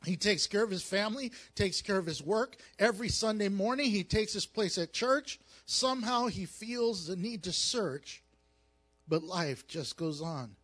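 A man preaching as a pastor, mixing scripture with jokes and animated storytelling. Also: sits high, unhurried. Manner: animated, jokey storytelling with acted asides. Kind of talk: sermon with humor.

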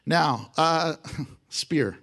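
A male pastor preaching a sermon in an animated, joking way, with playful sound effects. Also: fairly high pitch, very slow, creaky.

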